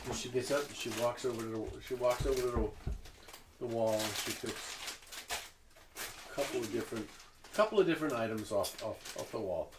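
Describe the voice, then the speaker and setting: A man narrates as game master, halting often and repeating words as he goes. His pitch sits in the middle range, and he sounds distant in an echoey room with faint hiss behind him.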